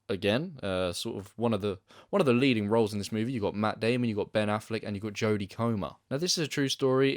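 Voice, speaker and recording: A man's voice: medium pitch, no echo, studio quality. A young man giving a casual film review, rambling and hesitant with lots of restarts and fillers.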